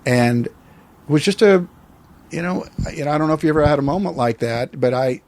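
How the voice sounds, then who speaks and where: An American man in his sixties, appearing as an interview guest, tells a personal story in a reflective, rambling way with many restarts. His voice is fairly high and a little mellow, and he speaks a little fast.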